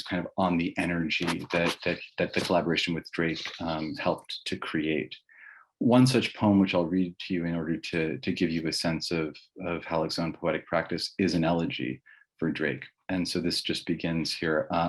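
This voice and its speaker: A man with a deep, low-pitched voice delivers a public lecture on poetry. He explains in an academic manner, working through his points aloud as he goes. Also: steady tone, normal speed.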